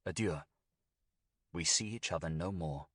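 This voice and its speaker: A man voicing a grave, commanding old male sorcerer in a storybook reading, speaking in a solemn, measured way. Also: deep voice, fairly bright tone, no echo, clean studio sound. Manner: solemn, archaic, measured delivery.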